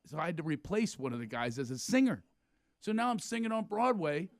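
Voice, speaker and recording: High, gravelly Philadelphia-accented comedian. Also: male voice, brisk, no echo, clean studio sound. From Philadelphia, USA. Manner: lively, slips into loud voices of people he describes. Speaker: comedian guest. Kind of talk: animated comic storytelling. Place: radio studio.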